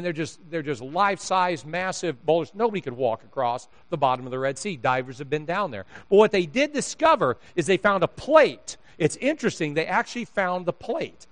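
A man preaching a sermon, telling funny stories and acting out the dialogue in them, laughing often. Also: sits high. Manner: animated storyteller, acts out dialogue, laughs often. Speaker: pastor. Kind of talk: sermon with humorous storytelling.

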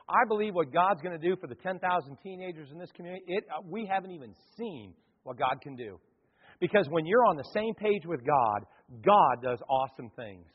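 A man preaching a sermon to a congregation, telling a story with lively acted-out crowd voices. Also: on the high side, slightly rough. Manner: animated, acts out crowd voices. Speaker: pastor. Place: church hall. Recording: dull lo-fi hall recording.

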